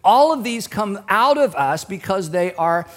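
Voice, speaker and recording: Male pastor, middle-aged, high voice, chatty humorous sermon, long hall reverb. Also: lively intonation, measured pace, a bit bright. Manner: conversational and humorous, acting out quoted voices.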